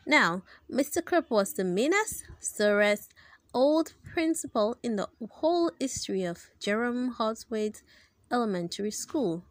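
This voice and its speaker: Female read-aloud narrator, higher voice, unhurried, lively kids' book delivery. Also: no room sound. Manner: expressive, animated storytelling. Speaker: storyteller reading aloud.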